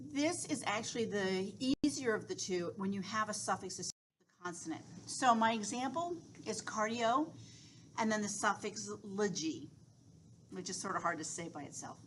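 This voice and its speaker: A woman's voice: medium pitch, a bit bright, a little hiss or hum, rough recording. Woman teaching, patient and step by step. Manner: reassuring, explains step by step with fillers. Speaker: instructor. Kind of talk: recorded lecture.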